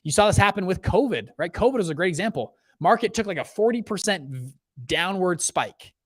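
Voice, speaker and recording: Energetic man, dry close sound. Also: high-pitched, brisk, no echo. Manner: energetic, lots of fillers and okays. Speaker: fund manager and show host. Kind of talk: casual livestream talk on economics.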